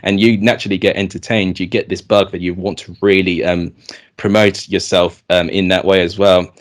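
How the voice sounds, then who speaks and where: Chatty young man, lowish voice. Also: little pitch movement, moderate pace. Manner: chatty, lots of "you know" fillers. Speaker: host of a football channel chat. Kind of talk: casual chat.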